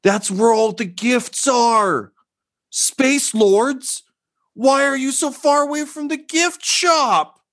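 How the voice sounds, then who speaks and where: Shrill, panicky peasant, very high and stretched out. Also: male voice, a bit bright, exaggerated voice. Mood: frantic. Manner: shrieking, drawn-out and panicky. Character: shrill frantic male peasant zealot.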